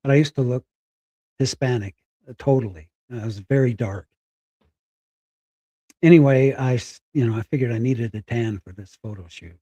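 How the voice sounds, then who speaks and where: A middle-aged man telling a personal story candidly, halting and close to tears. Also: medium pitch, mellow, husky, dry recording. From Spokane, Washington. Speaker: guest.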